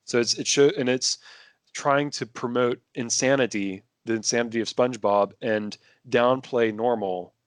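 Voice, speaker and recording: A man's voice: mid-range voice, steady tone, moderate pace, no echo. A man talking casually as a podcast guest, rambling with many restarts and fillers. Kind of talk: casual conversation.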